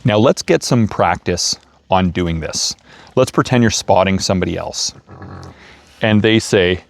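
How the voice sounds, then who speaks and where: A man giving a casual motivational talk, gentle and playful, chuckling as he stresses words. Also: on the low side, animated, unhurried, vocal fry, no room sound. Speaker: self-help speaker. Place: outdoors feeding raccoons.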